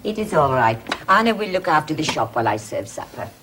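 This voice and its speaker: An actress with a German accent playing a gentle, calming middle-aged immigrant mother. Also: low-pitched, fast talker, background noise. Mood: soothing. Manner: soft and calming.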